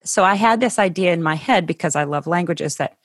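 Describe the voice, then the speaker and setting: A woman's voice: lowish voice, fairly quick, no echo, studio quality. A middle-aged woman from Ohio, a guest in an interview, telling her story in a thoughtful, conversational way with some restarts and laughs. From Ohio, USA.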